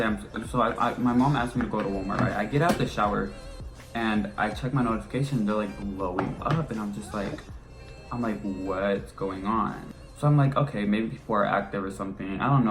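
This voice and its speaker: A teenage guy with a lowish voice tells a story to his camera. He talks quickly and loosely, and jumps up loud and high when he acts out what he said back then. Faint music plays under him. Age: teens. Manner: animated, acts out his own past lines with rising energy. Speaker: vlogger. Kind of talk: casual storytelling chat.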